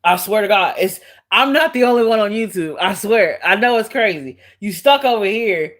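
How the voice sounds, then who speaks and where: A woman's voice: medium pitch, animated, normal speed. A woman live streamer chatting casually with her viewers, blunt and profane, often breaking into laughter as she answers trolls.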